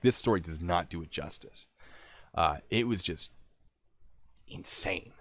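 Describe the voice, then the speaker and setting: A man casually telling a military story to his stream, animated and acting out what people said. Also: on the low side, no echo. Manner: animated, acts out quotes, restarts.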